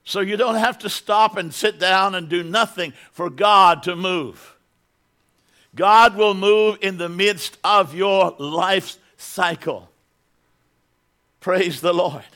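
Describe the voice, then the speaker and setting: A man's voice: high voice, takes it slowly, bright, forceful tone. A middle-aged man preaching a sermon as pastor in a church, building to emphatic bursts and repeating words as he goes.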